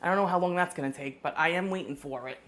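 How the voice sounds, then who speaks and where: A woman's voice: lowish voice, fast talker, background noise. Woman host, casual live cooking stream, chatty and rambling. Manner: chatty, greets viewers, rambling asides.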